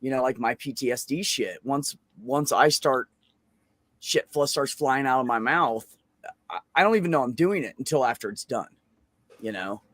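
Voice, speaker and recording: A man's voice: medium pitch, expressive, moderate pace, fairly bright tone. A man talks over a video call with a dry, close sound and no room echo. He rambles through a story in a loose, chatty way, full of swearing and fillers. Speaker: open mic show host. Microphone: computer microphone on a video call.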